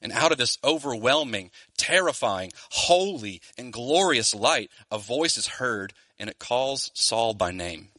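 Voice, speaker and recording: Male pastor preaching, earnest and emphatic, crisp bright voice, no room echo. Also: mid-range voice, lively intonation. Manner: earnest and emphatic, slowing on key phrases. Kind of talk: sermon. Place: Louisiana church.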